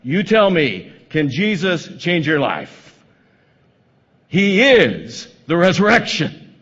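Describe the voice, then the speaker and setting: A male pastor preaching a sermon dramatically, swinging from loud emphasis to hushed tones in a large hall on a dull, lo-fi recording. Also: a little high, big pitch swings, takes it slowly, breathy edge.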